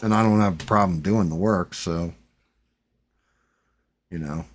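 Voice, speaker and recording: A man's voice: low voice, a little slow, husky. A man hosting a livestream, talking in loose, rambling casual chat and swearing freely. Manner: rambling, swears freely, slips into mock voices. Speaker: livestream host.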